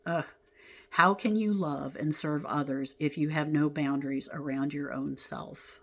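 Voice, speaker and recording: A woman with a low, deep voice leads a spiritual class at a slow, unhurried pace. She talks gently and from the heart, letting out sighs and soft laughs as she reflects on oracle card guidance. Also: fairly even intonation. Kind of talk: reflective spiritual talk, reading from oracle cards.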